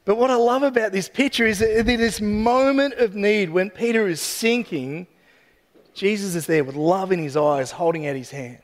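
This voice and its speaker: A man's voice: sits high, normal speed. A man giving a casual, joking sermon that retells a story and ends in prayer. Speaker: preacher. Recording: long hall reverb.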